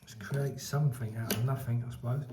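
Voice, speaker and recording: A man chats casually about his plastering work, often muttering under his breath as he goes. His voice sits at an ordinary middle pitch. Loud outdoor noise and passing traffic fill the background. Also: steady tone, a little fast, echoey room. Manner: chatty, muttering to himself as he works. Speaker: plasterer and decorator. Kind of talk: casual working vlog chat.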